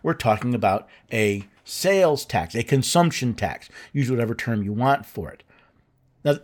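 A man's voice: mid-range voice, lively intonation, moderate pace. A man hosting a show, explaining his points in a casual, conversational way with fillers and restarts. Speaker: host. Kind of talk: explanatory commentary.

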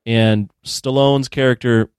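A man's voice: medium pitch, takes it slowly, smooth, no echo. Dry-sounding man reviewing a movie. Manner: animated, incredulous, acts out scenes. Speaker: podcast co-host. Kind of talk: casual movie review chat.

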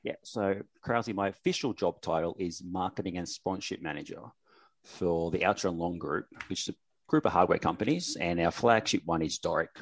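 A man's voice: sits low, brisk, dry recording. A man, a sponsorship manager, explaining his job in an upbeat way. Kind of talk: casual interview.

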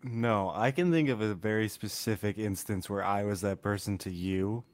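A man co-hosting a casual sports podcast, delivering dry jokes in a deadpan way. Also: fairly low pitch, normal speed, no echo. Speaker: podcast co-host.

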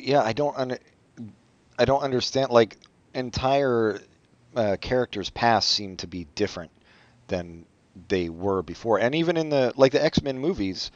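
A man co-hosting a casual podcast chat about comics, rambling and making deadpan jokes, in a dull lo-fi recording. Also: medium pitch, no echo. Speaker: podcast co-host.

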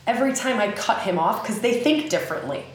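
A woman's voice: medium pitch, fast, slight background noise. Chatty Southern woman in an echoey room. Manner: animated, chatty, many fillers. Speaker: podcast host. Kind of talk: casual spoken teaching monologue. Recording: very echoey room with faint ambience.

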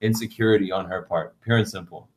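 A man's voice: low voice, steady tone, fast talker. A young man, co-hosting a podcast and telling rambling stories, swearing freely. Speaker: podcast co-host. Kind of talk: casual chat.

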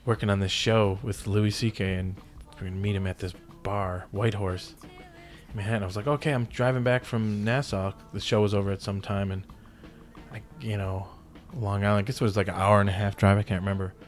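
Low-voiced man telling a rambling story. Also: flat delivery, a little fast, faint music behind. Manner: rambling, full of "like" and swearing. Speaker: guest. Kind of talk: casual storytelling in a podcast interview.

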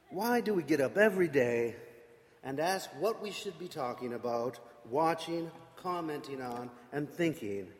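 ऊँची आवाज़ वाला पुरुष उपदेशक, धीमा और नाटकीय अंदाज़, चर्च के गूंजते हॉल में।. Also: male voice, a little high, lively intonation, unhurried. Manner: theatrical, mocking. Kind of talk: dramatic sermon. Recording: echoey large hall.

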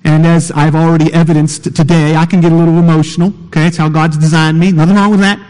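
A middle-aged male pastor preaching a sermon, emphatic and repetitive, swinging between quick bursts and slow, soft stresses. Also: on the high side, level tone. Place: church sanctuary. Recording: reverberant hall.

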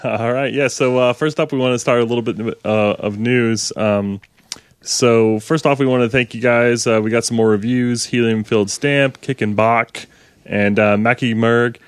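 A man co-hosting a casual tech podcast, speaking hesitantly with many pauses and easy laughs. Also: mid-range voice, steady tone, clean tone, no room sound. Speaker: podcast co-host.

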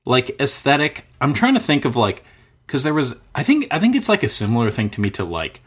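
A man's voice: mid-range voice, huge pitch swings, fairly quick, a bit bright, slightly rough. A man in his thirties chatting casually, rambling and searching for words with lots of filler. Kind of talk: casual chat.

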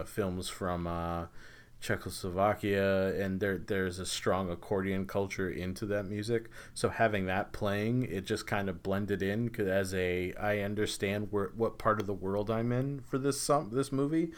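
Male podcast co-host, lowish voice, loose rambling film talk. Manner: rambling, many restarts and fillers. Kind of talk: casual film discussion.

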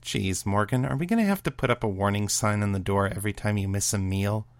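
A man voicing a brisk, exasperated woman detective. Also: lowish voice, dry recording, close to an everyday voice. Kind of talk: audiobook reading of a serial story.

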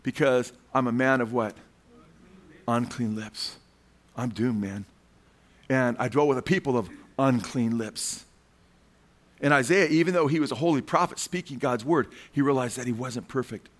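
A man's voice: mid-range voice, moderate pace. A male preacher giving a fervent sermon. He keeps calling his listeners "man" and puts questions to the crowd.

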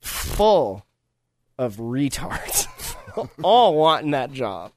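A man's voice: mid-range voice, extremely slow, a little hiss or hum. A man hosting a podcast, talking in crude, casual banter and often dropping into mock voices. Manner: animated, profane, slips into mock voices. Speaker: podcast host.

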